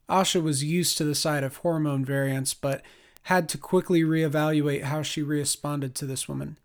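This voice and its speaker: A man reading a science fiction audiobook as narrator, in a measured, expressive way. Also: on the high side. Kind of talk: scripted narration.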